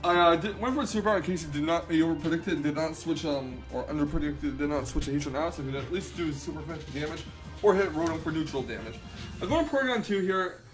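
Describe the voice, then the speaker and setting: A young man hosting a gaming channel, chatting through a game battle with frequent ums and quick self-corrections. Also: a little high, animated, music in the background. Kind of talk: casual battle commentary.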